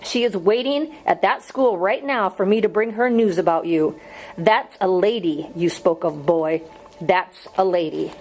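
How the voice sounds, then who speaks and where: A woman's voice: on the low side, unhurried, a little mellow, poor audio. Woman reading young male teacher, earnest, pleading, audiobook. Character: earnest young male schoolteacher, strained patience.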